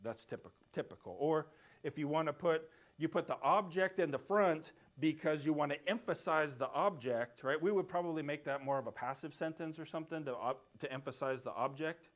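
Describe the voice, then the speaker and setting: Man, Bible class teacher, slightly high voice, casual explainer who keeps checking the class follows. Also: brisk. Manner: explains step by step, often checks in with "right?". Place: church classroom.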